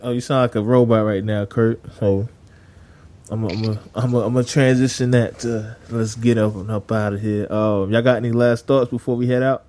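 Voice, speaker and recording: A man's voice: medium pitch, little pitch movement, normal speed, warm tone. A man hosting a podcast, easygoing and laughing along as he wraps up the chat. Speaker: podcast host. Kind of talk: casual chat.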